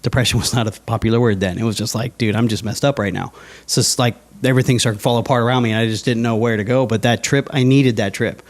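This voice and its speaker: A man in a casual podcast interview tells his personal story with plenty of energy. His voice sits at an ordinary middle pitch, and he keeps breaking into playful quoted voices for his past self. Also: fast, few pauses. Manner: animated storyteller, acts out his own past thoughts in quoted asides. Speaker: guest sharing his testimony.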